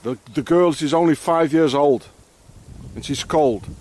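A man's voice: on the high side, a little slow, darkish tone, slight background noise. A man with a South African accent filming himself outdoors in the snow, ranting bitterly and accusingly at those he blames, repeating his insults. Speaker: father filming a vlog. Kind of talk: angry ranting vlog to camera.

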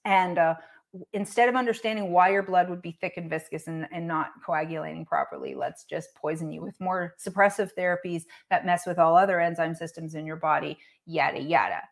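A woman's voice: on the low side, brisk, gravelly. Blunt, sarcastic woman ranting. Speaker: online commentator. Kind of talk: ranting casual commentary.

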